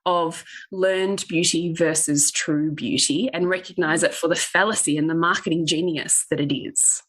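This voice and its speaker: A woman speaking as a podcast guest in candid conversation, emphatic and animated. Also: low-pitched, normal speed, breathy edge.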